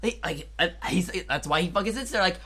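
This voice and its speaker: A man's voice: sits high, fast talker, noisy background. A man in his twenties, co-hosting a casual podcast and telling rambling stories with restarts. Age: 20s. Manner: rambling storytelling with many restarts. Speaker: podcast co-host. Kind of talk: casual chat.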